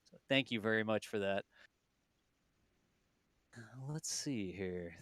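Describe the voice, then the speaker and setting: A man's voice: on the low side, slow, a bit bright, no echo. A man with a South Texas accent co-hosting a live launch stream, chatty and folksy, laughing easily. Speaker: livestream co-host. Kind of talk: casual live commentary.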